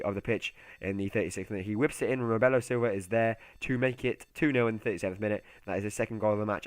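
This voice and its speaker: Young male gaming commentator, low voice, chatty and excitable, dry close-mic sound. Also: no echo. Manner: chatty, excitable, swings to muttered asides. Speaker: gaming YouTuber. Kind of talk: casual gameplay commentary.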